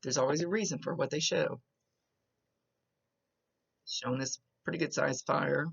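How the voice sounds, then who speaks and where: A little slow and steady in tone, this woman's low-pitched voice is gravelly with a breathy edge, and the audio is dull. She's a medium giving a client a recorded, chatty reading, describing visions as they come and often starting sentences over.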